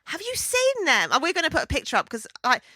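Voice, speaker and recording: A woman's voice: high voice, wildly swooping pitch, fast, sharp tone, no echo. A woman in her thirties co-hosting a podcast, giggly and full of dry quips. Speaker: podcast co-host. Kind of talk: casual chat.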